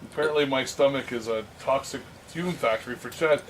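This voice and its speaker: A man's voice: mid-range voice, a little fast. Beer reviewer, male, blunt and crude, a bit off mic, noisy recording. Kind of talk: casual beer tasting chat. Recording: distant mic with noticeable noise.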